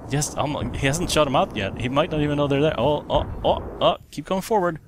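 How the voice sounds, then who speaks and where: A man's voice: fairly high pitch, noisy background. A man giving casual let's play commentary, rambling and correcting himself as he goes. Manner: rambling, self-correcting, chatty. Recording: game audio behind voice, gunfire and vehicles. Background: game gunfire and explosions.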